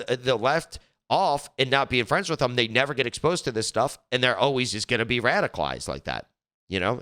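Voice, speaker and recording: A man with a bright, clear, smooth voice delivers casual political commentary. He rambles, trips over his words and restarts sentences often. His manner is earnest and he is not polished. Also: mid-range voice. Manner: rambling, frequent restarts and stumbles.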